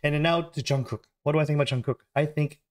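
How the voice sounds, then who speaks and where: A man hosting a reaction channel in a casual chat, hoarse as he recovers from an illness, talking at home while the household sleeps, rambling and correcting himself as he goes. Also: on the high side, fairly even intonation, quick pace. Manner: rambling and self-correcting, apologetic.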